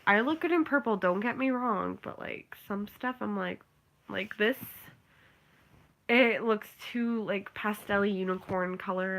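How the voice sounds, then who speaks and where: A woman's voice: mid-range voice, measured pace, a bit bright. A young woman vlogging in a loose, rambling chat, full of fillers and little rants. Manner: rambling, filler-heavy, ranting. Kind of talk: casual chat.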